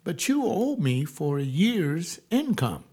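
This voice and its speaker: Dismissive male realtor, curt and pitched up; played by a man telling a story. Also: big pitch swings, slow, dark tone, husky, full character voice.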